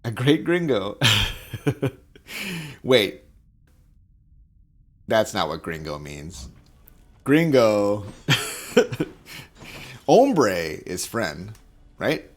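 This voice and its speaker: A man's voice: on the low side, wildly swooping pitch, drawn-out words, pauses often. A man streaming a video game, chatting casually with viewers in a rambling, jokey way and chuckling at his own jokes into a desk microphone. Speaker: gaming streamer.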